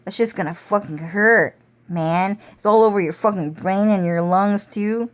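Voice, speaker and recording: A woman talking in a slow, unhurried monologue that wanders from thought to thought. Her speech is laced with swearing and long drawn-out phrases. Her pitch sits in a middle range. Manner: rambling, heavy profanity, drawn-out. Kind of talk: rambling casual monologue.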